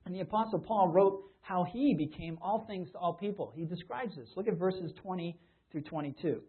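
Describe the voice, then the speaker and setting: A man's voice: high voice, normal speed, husky. A man preaching a sermon in a conversational way, often restarting his sentences. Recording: tinny phone-like sound.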